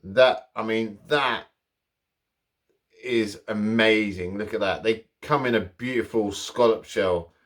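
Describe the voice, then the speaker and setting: A man's voice: fairly low pitch, slow pace, a bit bright, far from the mic. A man hosting his own cooking channel, talking to camera in a chatty, rambling way with jokey asides. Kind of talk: casual cooking vlog.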